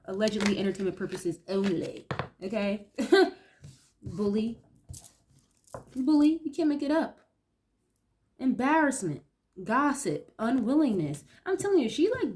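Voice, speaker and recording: Young woman hosting a tarot reading, a bit high-pitched, blunt and profane, reacts aloud to each card. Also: very animated, brisk, darkish tone, a little hiss or hum. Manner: blunt, swears freely, reacts aloud to the cards. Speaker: tarot reader. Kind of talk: casual card-reading commentary.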